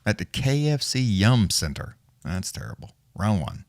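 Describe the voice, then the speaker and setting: A man with a lowish voice hosting a live fight stream, rambling through stories in a loose, profane, laid-back way. He chuckles at his own tangents, and his voice comes across dry and close, with no room sound. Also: sing-song, normal speed, gravelly, no echo. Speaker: livestream host. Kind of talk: casual profane storytelling chat.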